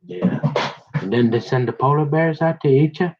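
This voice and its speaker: A man's voice: on the high side, moderate pace. A middle-aged man rambling in a folksy, confrontational monologue full of slang, recorded on a dull lo-fi mic. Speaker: vlogger.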